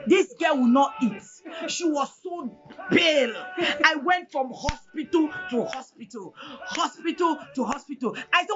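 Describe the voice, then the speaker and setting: A woman from Cameroon with a Cameroonian English accent, giving an emotional personal testimony in a dramatic, animated way, often near tears. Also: high voice, unhurried. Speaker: guest telling her story. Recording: dull lo-fi audio with faint music.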